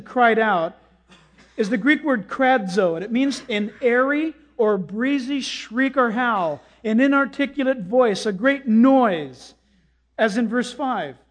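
A pastor with a high, light voice delivers a sermon to his congregation. His preaching is dramatic, jumping to sudden shouts and sinking to a hush as he acts out quoted lines. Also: animated, unhurried.

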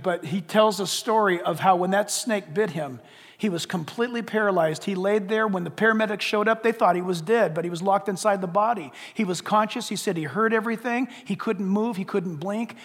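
A man's voice: high voice, a little fast, a bit bright. A man preaching a sermon and giving an altar call, speaking with blunt, earnest and repetitive pleading. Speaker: pastor. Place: church sanctuary. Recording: long reverb of a large hall.

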